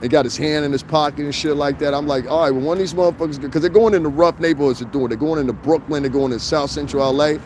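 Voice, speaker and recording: A middle-aged man talks to his livestream viewers from a cold city street. He rambles through profane stories and reads out their comments. His voice sits a little high for a man, and faint traffic hums behind him. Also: fast talker, hardly any pauses, darkish tone. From New York. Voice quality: loose, profane, rambling storyteller. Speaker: livestream host. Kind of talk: casual livestream chat reading comments.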